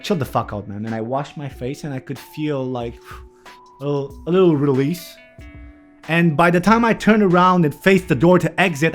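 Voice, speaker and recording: A man talking straight to his viewers in a heated, foul-mouthed rant, hammering his points home. His voice sits a little higher than most men's. Soft guitar music plays faintly underneath. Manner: heated, swearing, emphatic rant. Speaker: vlogger. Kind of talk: candid profane monologue.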